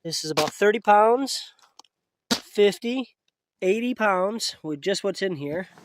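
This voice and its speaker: A man vlogging at an outdoor camp in the woods, talking casually to the camera. He gets emotional and uses a soft voice with his pets. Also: sits high, expressive, takes it slowly, a little hiss or hum. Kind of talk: casual vlog talk to camera.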